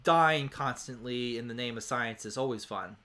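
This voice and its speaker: A man's voice: mid-range voice, normal speed, bright, forceful tone, pitched below the performer's own voice, natural voice. A man voicing a nonchalant young male test subject who talks in a sarcastic, offhand way.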